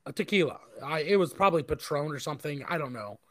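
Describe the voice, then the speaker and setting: A man's voice: a little high, lively intonation, fast talker, no echo. A married man telling a long rambling story in casual chat, full of profanity and fillers.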